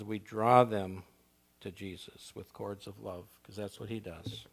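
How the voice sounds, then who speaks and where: A man preaching a sermon as pastor, emphatic and full of rhetorical questions, swinging from loud to soft. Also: on the low side, steady tone, measured pace, husky.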